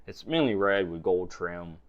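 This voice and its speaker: A man narrating a tabletop game as game master, relaxed and full of fillers. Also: low voice, unhurried, dull audio.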